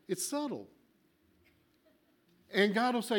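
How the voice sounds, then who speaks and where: A man preaching a sermon with animated delivery, acting out little voices and swinging between loud and quiet. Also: sits high, moderate pace.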